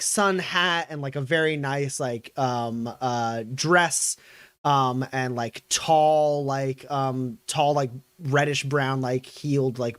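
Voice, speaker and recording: A man's voice: medium pitch, a bit bright, clean tone, no room sound. A man narrating as game master of a tabletop game, rambling with many fillers.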